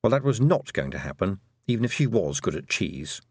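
A man narrates an audiobook in a gently wry, unhurried way. His low voice rises and falls expressively. The sound is dry and close, with no room around it. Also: sing-song, breathy edge, dry recording.

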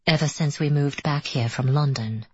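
A woman reading the part of a gentle young man, a devoted son whose light, even tone hides his sadness. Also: sits low, normal speed, breathy edge, no echo, lo-fi sound. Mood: light, calm.

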